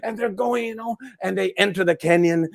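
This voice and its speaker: A man from Brazil with a Brazilian accent, telling a story as a guest in a lively, laughing way on a video call. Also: sits high, fairly quick, gravelly. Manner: lively, laughs often, repeats words. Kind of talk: animated storytelling in a chat.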